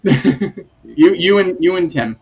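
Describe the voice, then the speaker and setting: Guy hosting a laid-back podcast, rambles and laughs, kinda high voice, dull muffled audio. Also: animated, a little slow, vocal fry, a little mellow. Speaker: podcast host. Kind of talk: casual chat.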